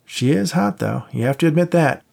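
A man's voice: a little high, expressive, brisk, vocal fry, darkish tone, slightly rough, voice pushed up, full character voice. A man voicing a cocky, wisecracking male cop buddy in an audiobook, teasing and joking, raised above his own voice. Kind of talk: audiobook character voice.

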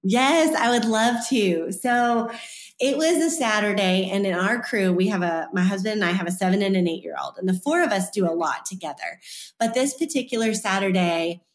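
A woman's voice: medium pitch, normal speed. A woman in her thirties, an author and guest, telling a story in an interview and acting out the quoted voices. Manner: animated, acts out quoted voices. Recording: roomy echo.

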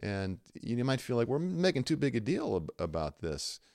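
A man hosting a conversational faith podcast, retelling stories in an animated way and acting out the people he quotes. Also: mid-range voice, moderate pace, vocal fry, no echo, clean studio sound. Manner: animated storytelling, acts out quoted voices. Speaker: podcast host.

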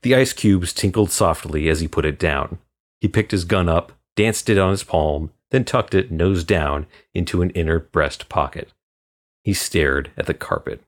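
A man from Florida reading a crime story as guest narrator in measured, even storytelling. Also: sits low. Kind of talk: scripted audiobook narration.

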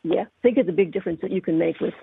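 A woman tarot teacher giving gentle, encouraging readings on a call-in show, with frequent fillers. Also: lowish voice, very fast, creaky, a little hiss or hum. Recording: dry, tinny phone-like sound.

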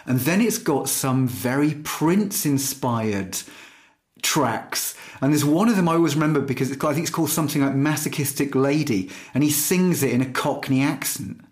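A man co-hosting a music podcast, talking in a thoughtful, loosely hesitant way with frequent pauses. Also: medium pitch, darkish tone. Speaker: podcast co-host. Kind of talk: casual music chat.

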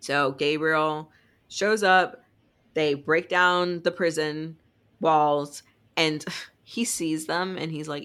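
Low-voiced woman rambling through a recap. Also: fairly even intonation, slow pace, a bit bright, clean tone. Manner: rambling retelling full of "like" and "um". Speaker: podcast co-host. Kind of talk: casual book-recap chat.

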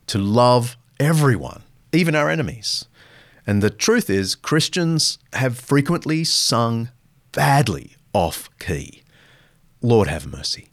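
A man hosting a podcast, answering listener questions in an animated, conversational way. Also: medium pitch, no room sound, clean studio sound. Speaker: podcast host.

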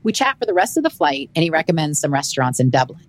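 A woman, a comedian hosting her podcast, narrating a travel story in a wry, expressive way. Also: low-pitched, quick pace. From United States.

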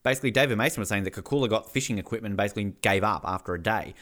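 A man co-hosting a casual recap podcast, excitable, laughing often and swearing freely. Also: fairly low pitch, very fast. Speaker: podcast co-host.

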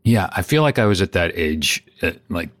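A middle-aged man on a comedy podcast, speaking in a lowish voice with a dry, deadpan delivery. He builds on his partner's jokes without ever breaking into a big performance, underplaying every punchline. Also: normal speed. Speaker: podcast co-host.

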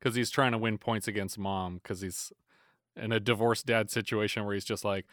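Bright-voiced man chatting on a podcast. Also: lowish voice, steady tone, normal speed, dry recording, clean studio sound. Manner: agreeable, laughs often while talking. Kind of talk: casual podcast chat.

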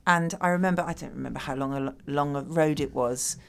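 A woman's voice: deep voice, brisk, creaky. A woman speaking as an addiction therapist in a conversational interview, reflective and acting out quoted exchanges. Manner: reflective, acts out quoted dialogue.

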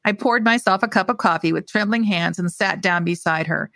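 A woman author reading her own mystery short story aloud with expressive delivery. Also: mid-range voice, a little fast, dry recording.

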